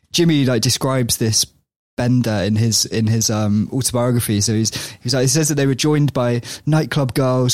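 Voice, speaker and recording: A man's voice: mid-range voice, a little mellow, no echo. A young man spins a long, loose anecdote on a chatty podcast, tripping over his restarts and laughing as he goes. His voice sits in a middle register and sounds close and dry, with little room around it. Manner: rambling, laughs often, many restarts. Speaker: podcast host telling a story. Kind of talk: casual storytelling chat.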